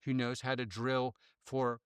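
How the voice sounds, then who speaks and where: Smooth-voiced man in an interview clip. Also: mid-range voice, level tone, a little slow, no echo, studio quality.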